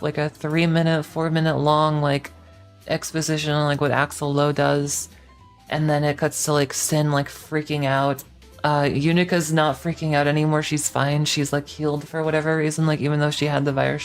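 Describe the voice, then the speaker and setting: A woman's voice: sits low, steady tone, moderate pace, soft background music. A young woman streaming casually, rambling and swearing in exasperation as she recaps a story.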